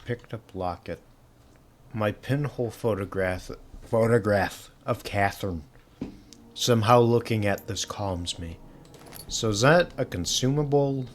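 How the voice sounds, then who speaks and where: A man's voice: fairly low pitch, a little slow, a little hiss or hum. A man casually commenting while he plays a horror game, rambling with plenty of fillers and restarts. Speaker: gaming channel host.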